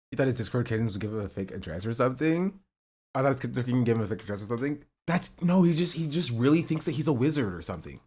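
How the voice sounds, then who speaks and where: A man's voice: medium pitch, expressive, quick pace, darkish tone, breathy edge. A streamer reacting to a video clip, laughing and incredulous, talking to his chat. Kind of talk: livestream reaction commentary.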